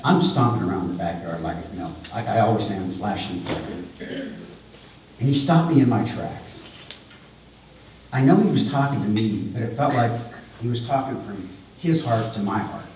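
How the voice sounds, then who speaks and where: A middle-aged man delivers a memorial eulogy in a mellow, darker voice, pausing and repeating himself as he speaks with feeling. He is heard from a distance in a large, very echoey hall, with a faint room hum behind him. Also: lowish voice, expressive. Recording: echoey hall, voice far from the mic.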